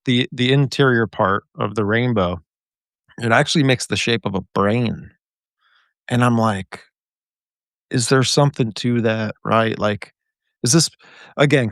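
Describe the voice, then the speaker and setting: A man's voice: medium pitch, dry recording, clean studio sound. A man hosting a podcast over a video call, rambling and speculative as he talks. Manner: rambling and speculative, many fillers and restarts. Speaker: podcast host. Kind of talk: casual conversation on a podcast.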